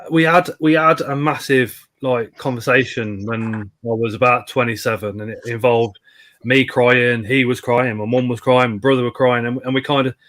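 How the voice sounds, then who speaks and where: A man's voice: medium pitch, normal speed. Sweary man telling stories. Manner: blunt, sweary, animated anecdotes. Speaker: live stream host. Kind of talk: casual storytelling chat.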